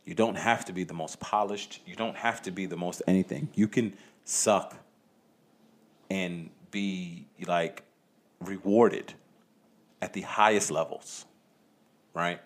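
A man's voice: deep voice, fairly even intonation, slow pace, long pauses. A man hosting a solo podcast, talking casually and profanely, rambling and stammering through restarts, with rhetorical questions to the listener. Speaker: podcast host.

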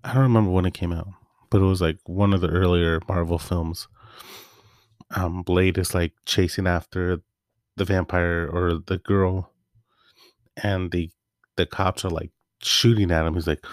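A man's voice: deep voice, fairly even intonation, a little slow, pauses often, no room sound, studio quality. A man hosting a solo podcast, talking in a loose, rambling, offhand way. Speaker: podcast host. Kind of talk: casual solo monologue.

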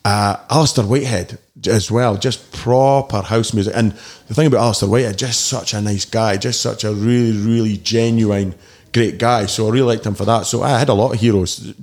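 A Scottish man in his forties, a DJ telling rambling, animated stories in a casual interview and mimicking shouts. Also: fairly low pitch, a little fast. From Scotland. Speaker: DJ guest.

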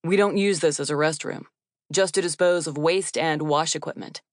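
A woman voicing a tall man with crisp, precise consonants and a dry, deadpan manner. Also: sits low, normal speed, no room sound, lightly acted. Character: tall deep-voiced man, dry and exacting.

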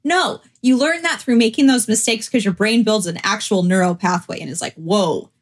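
A woman's voice: fairly high pitch, fairly quick. A woman co-hosting a podcast, telling stories in casual chat with lots of fillers. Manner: chatty, animated storytelling with many fillers. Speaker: podcast co-host; real estate agent.

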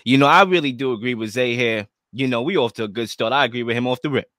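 A man's voice: mid-range voice, quick pace, a bit bright, dry recording, studio quality. A man hosting a sports talk show, hyping up segments like a showman. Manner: hype, showman-like.

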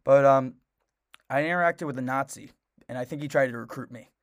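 A man's voice: mid-range voice, brisk, dry recording, clean studio sound. Rambling young man on a podcast. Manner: rambling, lots of restarts and fillers. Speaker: podcast co-host. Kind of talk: casual chat.

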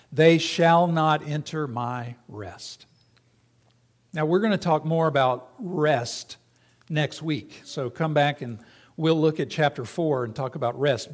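Conversational pastor preaching to his congregation. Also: on the high side. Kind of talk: sermon.

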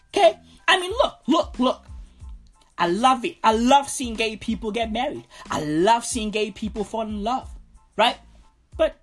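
A woman delivers a profane, animated comedy rant. Her voice sits high and swings widely, her pace is slow, and her tone is husky. Faint music runs behind her. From South Africa. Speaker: comedic vlogger.

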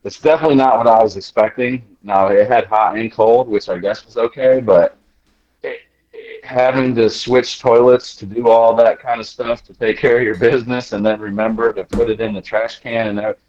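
A man's voice: medium pitch, normal speed, muffled recording. A man telling travel stories in casual chat, acting out quotes and laughing as he goes. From United States. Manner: animated, acts out quotes with laughter. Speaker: podcast guest. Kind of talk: casual storytelling.

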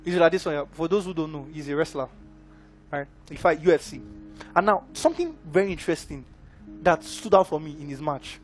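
A man's voice: on the high side, expressive, fairly quick, soft background music. A man preaching a sermon as a minister, emphatic and constantly checking in with his listeners. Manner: emphatic, keeps checking in with the congregation.

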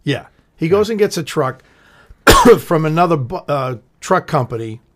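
A man's voice: fairly high pitch, measured pace. Profane man telling a story. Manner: profane, animated storyteller acting out quotes. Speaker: podcast co-host. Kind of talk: casual storytelling chat.

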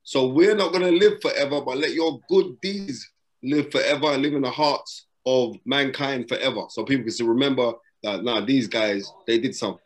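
A man's voice: mid-range voice, moderate pace. A middle-aged man talks in an ordinary mid-range voice, urging young listeners on with emphatic, repetitive, preacherly advice. His speech is casual and full of street slang. He is speaking from a hotel room. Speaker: boxing broadcaster and guest. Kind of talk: motivational advice in a casual interview. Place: hotel room during lockdown.

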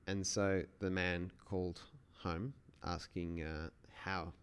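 A man's voice: deep voice, little pitch movement, takes it slowly, clean tone. A man hosting a solo podcast, talking in a casual, rambling way with many restarts. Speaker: podcast host.

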